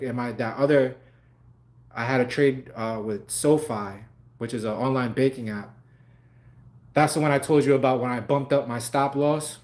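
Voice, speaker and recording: A man's voice: mid-range voice, a little mellow. A young man on a livestream talking casually and animatedly, swearing freely and laughing often. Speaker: live stream host.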